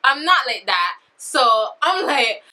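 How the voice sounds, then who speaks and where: A woman in her twenties telling a story in a vlog, animated and dramatic, acting out what people said. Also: fairly high pitch. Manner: animated, dramatic retelling with acted-out quotes. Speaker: vlogger.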